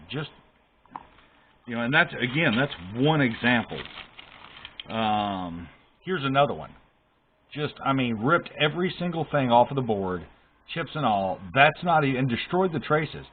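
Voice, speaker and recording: A man casually walking through a console repair at his workbench, emphatic and exasperated about the shoddy work he found. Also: medium pitch. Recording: tinny phone-like sound with faint hiss.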